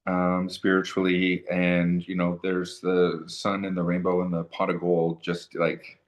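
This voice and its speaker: A man's voice: low voice, monotone, unhurried. A man co-hosting a casual tarot chat, agreeable and hesitant with many fillers. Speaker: tarot co-host.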